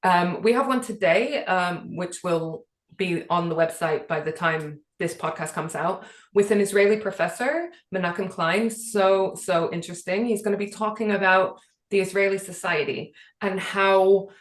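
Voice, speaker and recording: Woman co-host raised in Britain, earnest and emotional, slightly low voice, echoey room. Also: normal speed. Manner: earnest, emotional, many fillers. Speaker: podcast co-host. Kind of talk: casual chat.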